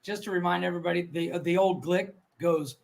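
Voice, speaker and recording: A man's voice: high voice, steady tone, fairly quick, creaky, low-quality recording. A man co-hosting a comedy podcast, chatting bluntly and crudely, often stammering as he restarts. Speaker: podcast co-host. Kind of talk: casual comedy chat.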